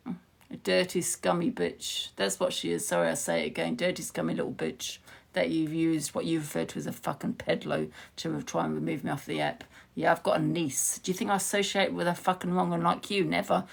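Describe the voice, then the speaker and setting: A woman's voice: lowish voice, fairly quick, vocal fry. Angry woman ranting on a live stream. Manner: heated, confrontational, swears freely. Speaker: livestreamer.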